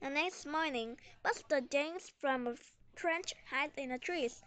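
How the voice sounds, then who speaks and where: A woman's voice: high voice, a little slow, hardly any pauses, bright, forceful tone. A woman carefully reading a children's story aloud, then asking comprehension questions. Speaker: storyteller and teacher.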